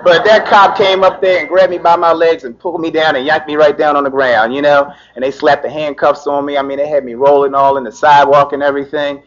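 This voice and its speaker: A man's voice: on the high side, quick pace, few pauses. Middle-aged man telling a story, lo-fi. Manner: animated, frequent "you know" fillers, laughs through it. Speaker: lawyer. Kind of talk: personal storytelling. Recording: dull lo-fi recording.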